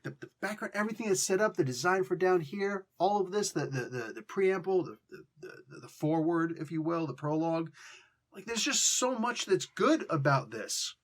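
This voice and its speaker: A man hosting a casual comic book review, animated and slangy, now and then acting out lines in mock voices. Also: a little high.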